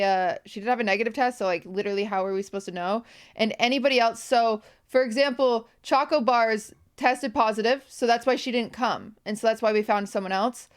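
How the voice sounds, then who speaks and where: A woman's voice: medium pitch, clear, resonant tone. A young woman streamer talking to her viewers on a livestream, tearful, rambling and apologetic. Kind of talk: emotional livestream talk.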